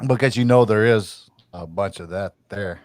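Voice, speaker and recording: A man's voice: on the low side, normal speed, a little mellow, no room sound. A man hosting a casual live-stream talk, often restarting and repeating his words. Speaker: host.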